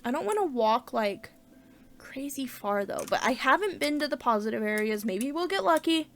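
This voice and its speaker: एक महिला अपना गेम खेलते हुए बातचीत के अंदाज़ में कमेंट्री करती है, ज़ोर से सोचती है और बीच-बीच में उत्साह से उछल पड़ती है।. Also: female voice, sits high, normal speed, slight background noise. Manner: chatty, thinks aloud, bursts of excitement. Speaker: gaming channel host. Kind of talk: casual let's-play commentary.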